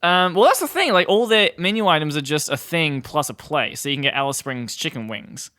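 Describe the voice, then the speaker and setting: An Australian man co-hosting a podcast, chatty and quick to laugh in casual conversation. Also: a little high, lively intonation, pushed and bright. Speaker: podcast co-host. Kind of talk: casual chat.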